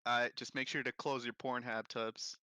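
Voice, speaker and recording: A man's voice: medium pitch, flat delivery, normal speed, pushed and bright, smooth, dry recording, studio quality. A young man hosting a casual stream chat, rambling and jokey, with frequent laughter and crude humor. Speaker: streamer host.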